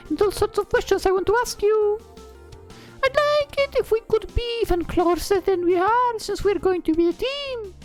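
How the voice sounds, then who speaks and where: A woman voicing a bubbly, pushy young heroine in a high, sing-song way, reading a visual novel.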